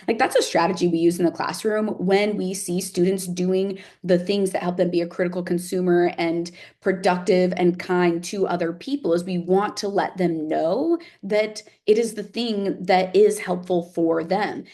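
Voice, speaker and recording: A woman's voice: lowish voice, steady tone, moderate pace, few pauses, warm tone. A woman teacher talking casually to camera, often checking in with "right?" and "like". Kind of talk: casual reflective talk to camera.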